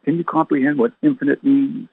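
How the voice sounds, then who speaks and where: Husky preacher man on tinny radio. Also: medium pitch, steady tone, a little fast, no echo. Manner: preachy, full of rhetorical questions to listeners. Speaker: reverend. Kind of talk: radio sermon. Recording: tinny phone-like radio sound, dry.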